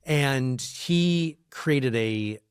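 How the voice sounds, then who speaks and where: A man's voice: mid-range voice, drawn-out words, smooth, no room sound. A man with a mid-range voice hosts a podcast conversation. He tells stories in a loose, chatty way. The recording is dry and close. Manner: chatty anecdotal storyteller, lively when telling stories. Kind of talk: casual storytelling conversation.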